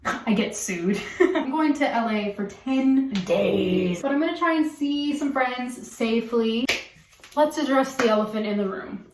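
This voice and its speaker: A woman's voice: a little high, moderate pace, noisy background. Sarcastic young woman vlogging in an echoey room. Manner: sarcastic, swears freely, laughs between lines. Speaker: vlogger and actress. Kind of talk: casual vlog chat to camera. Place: home office.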